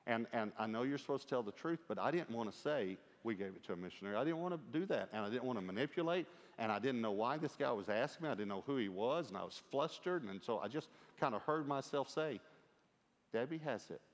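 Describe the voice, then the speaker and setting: A middle-aged man preaching a sermon, telling a lively story with quoted dialogue and humor. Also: medium pitch, quick pace, hardly any pauses. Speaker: pastor. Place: large church auditorium. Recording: long hall reverb.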